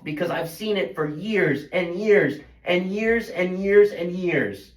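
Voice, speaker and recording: Teen boy, slightly high voice, frustrated self-critical venting, rambling restarts, roomy echo. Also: unhurried, hardly any pauses. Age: teens. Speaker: high school golfer. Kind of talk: emotional venting monologue.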